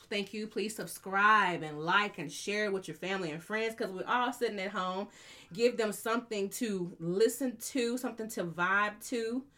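A woman hosting a casual podcast from her home studio, chatty and lively, calling listeners honey and y'all. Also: medium pitch. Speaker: podcast host.

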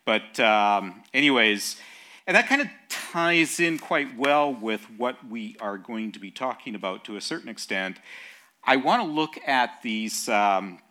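A man who is a professor of theology, opening his talk as a guest speaker in a measured, reflective way. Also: medium pitch, expressive, pushed and bright. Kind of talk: lecture-style sermon opening.

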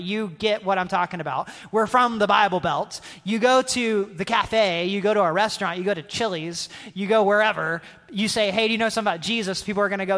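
A man's voice: high-pitched, bright, forceful tone. Chatty man preaching in a hall. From North Carolina, American South. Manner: conversational, keeps asking "right?", acts out quotes. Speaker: guest speaker. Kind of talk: youth sermon. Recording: long hall reverb.

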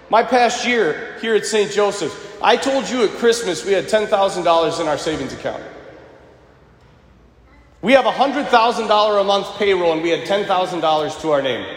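High-voiced pastor guy preaching, goes loud then hushed, long church echo, faint hum behind. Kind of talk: sermon. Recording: echoey hall with faint ambience.

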